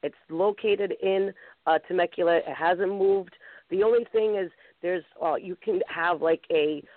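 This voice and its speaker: A woman's voice: on the low side, measured pace, no room sound. A woman hosting a casual call-in talk show, talking with eager enthusiasm. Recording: tinny phone line, dry.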